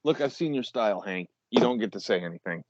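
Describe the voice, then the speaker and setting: Male co-host, low and lively, teasing banter, dry lo-fi sound. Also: fast, dry recording. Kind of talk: casual podcast banter.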